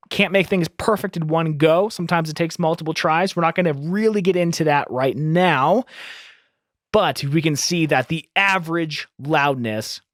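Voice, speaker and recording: Slightly high and a touch bright, this man's voice guides listeners step by step through a screen-recorded audio tutorial. He teaches in an upbeat manner, close to a studio mic, in a dry recording.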